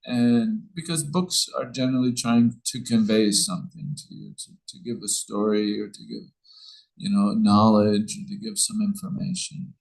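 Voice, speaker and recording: A man's voice: on the low side, sing-song, normal speed, creaky, rough recording. A man giving an informal scripture class, telling a story in a rambling way with many restarts.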